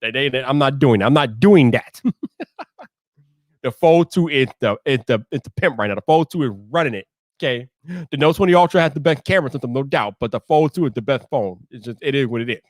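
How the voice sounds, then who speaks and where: A man hosting a casual live stream, talking in an animated way, repeating himself and ranting loudly when annoyed. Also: mid-range voice, a little fast, no room sound, studio quality.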